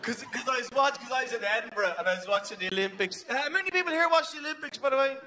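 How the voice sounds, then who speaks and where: A man with an Irish accent doing stand-up comedy, talking in a manic, shouting way and acting out characters. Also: extremely high pitch, animated, very fast. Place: theatre stage before a live audience. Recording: live show with audience noise.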